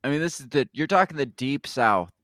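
A man co-hosting a news podcast in loose, rambling chat, with a voice that swings widely up and down in pitch. He jokes and laughs a lot. The sound is dry and close. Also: expressive, a little fast, a bit bright, dry recording. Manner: joking, rambling, laughs often. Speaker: co-host of a news comedy podcast. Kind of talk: casual chat.

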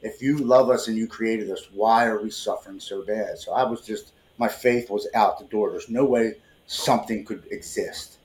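A man's voice: on the low side, normal speed, few pauses, darkish tone. Earnest man telling his story, echoey room. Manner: earnest, emotional, repeats words when starting sentences. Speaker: podcast guest. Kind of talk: personal storytelling. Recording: roomy echo.

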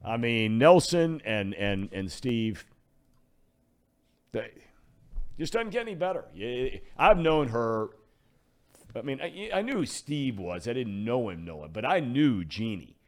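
Sixties male host, middle pitch, easygoing and friendly. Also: sing-song, measured pace, long pauses. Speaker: radio show host. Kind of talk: casual radio chat.

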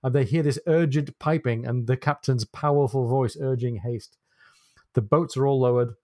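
A man on a book podcast, retelling a chapter in a measured, descriptive way with small hesitations. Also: mid-range voice, warm tone, no room sound, studio quality. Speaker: podcast co-host.

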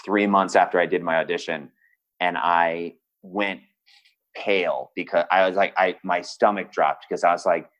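A man, an actor guest on a podcast, telling an anecdote with animated, self-deprecating restarts. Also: low voice, a little fast, low-quality recording. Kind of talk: casual storytelling.

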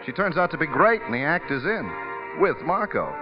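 An actor playing a wisecracking young burlesque comedian who narrates his own story, in 1950s radio drama acting. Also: on the high side. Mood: brash. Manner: fast, slangy, lively narration and banter. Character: brash wisecracking burlesque comic, young man. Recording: dull old radio broadcast with music.

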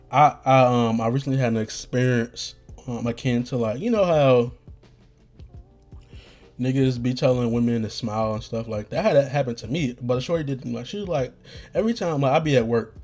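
Young male podcast host, hoarse, dark mellow tone, rambling and profane. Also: mid-range voice. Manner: slangy, profane, rambling with restarts. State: getting hoarse. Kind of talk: rambling casual monologue.

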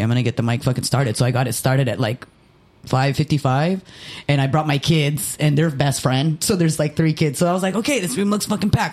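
A man telling a profane, rapid-fire story on a casual podcast, acting out the quotes. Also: mid-range voice, darkish tone. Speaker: podcast co-host and comedy show runner.

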